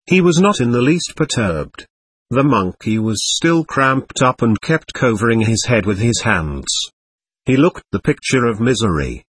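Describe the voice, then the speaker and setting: Guy narrating an audiobook, husky voice, lots of ups and downs, dry. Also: mid-range voice, measured pace, dry recording. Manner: expressive storytelling.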